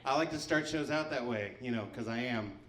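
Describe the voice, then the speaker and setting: A man's voice: mid-range voice, brisk, fairly bright tone. Man doing stand-up in an echoey room. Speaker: stand-up comedian. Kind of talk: stand-up comedy set.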